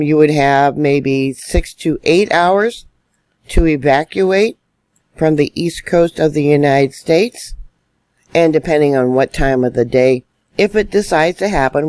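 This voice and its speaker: Angry guy doing news commentary, kinda high clear voice, dry close sound. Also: darkish tone, dry recording. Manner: indignant, emphatic, stresses warnings. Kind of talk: solo online news commentary.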